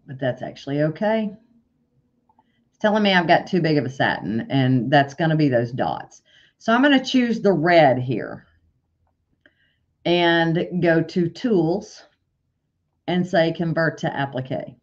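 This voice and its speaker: A woman with a fairly low voice teaches embroidery software in a step-by-step screen-share tutorial. She corrects her own slips out loud as she clicks through menus. The recording sounds dull and lo-fi. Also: very animated, a little slow, pauses often. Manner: step-by-step, corrects herself aloud.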